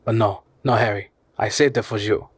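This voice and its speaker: Guy reading as a stubborn old professor, earnest, slow, kinda husky voice. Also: lowish voice, steady tone, dry recording. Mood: tender. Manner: slow, earnest, then harsh and commanding. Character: stubborn elderly male professor, fierce explorer.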